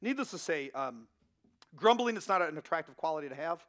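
A man's voice: a little high, animated, fairly quick, fairly bright tone. A man in his thirties preaching a sermon as pastor, in a conversational way with frequent asides to the room. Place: church.

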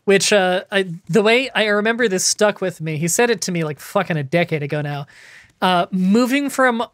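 A woman's voice: medium pitch, lively intonation, moderate pace, no echo. A woman hosting casual multiplayer gameplay commentary from her home studio, chatty and prone to rambling anecdotes with casual swearing. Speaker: gaming channel host.

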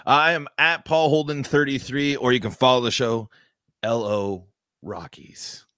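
A man's voice: medium pitch, moderate pace, sharp tone, clean tone, no echo, clean studio sound. Frustrated man ranting on a sports podcast. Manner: frustrated, emphatic ranting with repeated restarts. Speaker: podcast host.

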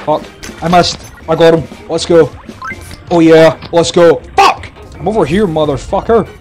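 A young man doing loud, sweary gameplay commentary as a gaming YouTuber, shouting catchphrases. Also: on the high side, normal speed, faint music behind.

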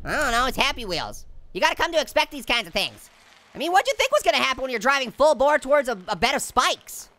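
A cheeky cartoon orange gabbles through a game in a very high, bright, sharp voice. His pitch leaps up and down constantly as he giggles and fires off puns. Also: sing-song, fast, exaggerated voice. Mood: playful. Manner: giggly, punning, chattering nonstop. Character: hyper male talking orange fruit, pun-loving and cheeky. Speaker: game player. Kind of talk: cartoon character let's-play commentary.

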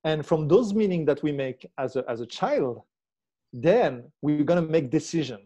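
A man's voice: on the high side, animated, moderate pace, warm tone, lo-fi sound. A man, a relationship coach, explaining his ideas reflectively in an interview and checking in with the listener as he goes. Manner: reflective, checks in with tag questions.

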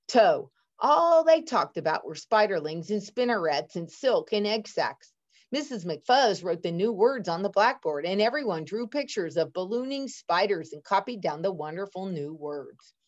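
A woman teacher reading a picture book aloud to her students, expressive and adding chatty asides to the class. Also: mid-range voice. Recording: dull lo-fi recording.

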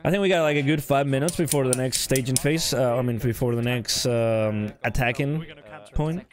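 A man's voice: medium pitch, normal speed. A man casually commenting on a game match for a stream, chatty and joking with viewers. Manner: chatty, greets viewers, jokey.

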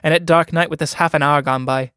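Spirited, teasing young country woman, read by a man; sharp and impatient, lifted voice. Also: on the high side, steady tone, quick pace, clear, resonant tone, dry recording, clean studio sound, lightly acted. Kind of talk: dramatic play reading.

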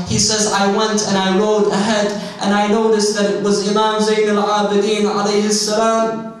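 A man delivers a sermon in a high, steady voice that rises into an impassioned lament. His words ring through a very echoey hall, and he sounds set back from the microphone. The delivery is measured, with long pauses between phrases. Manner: rising to an impassioned, lamenting cry. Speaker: speaker at a mourning gathering. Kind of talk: sermon, recounting a religious narrative. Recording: echoey hall, distant mic.

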